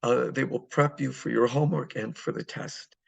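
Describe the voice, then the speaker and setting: Guy walking thru a spanish lesson, lots of uh and okay, raspy gravelly voice. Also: mid-range voice, fairly even intonation. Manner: patient, repeats phrases slowly, many fillers. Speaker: Spanish teacher. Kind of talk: recorded online lesson walkthrough.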